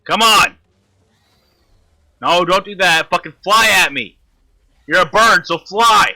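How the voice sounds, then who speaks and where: A man's voice: high-pitched, takes it slowly, sharp tone. Swearing, frustrated young-sounding gamer man. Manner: frustrated, swearing constantly, talking to the enemy. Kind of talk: live gameplay commentary.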